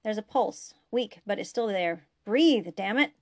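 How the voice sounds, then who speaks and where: A woman reading a blunt male field medic who gives brisk orders in a story. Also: medium pitch, darkish tone, natural voice. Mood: urgent. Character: steady male ship's medic giving orders.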